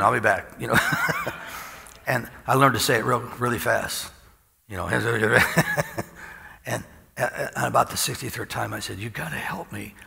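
Gravelly, bright-voiced man preaching casually. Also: fairly low pitch, in a large hall. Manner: folksy storytelling, chuckles often. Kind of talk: informal sermon.

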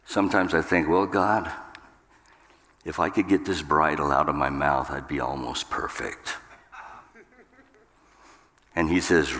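A man with a very low voice preaches slowly and emphatically from a church pulpit, shooting up in pitch when he acts out his own outbursts. A long reverb trails behind his words. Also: pushed and bright. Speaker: pastor. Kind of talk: sermon. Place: church sanctuary.

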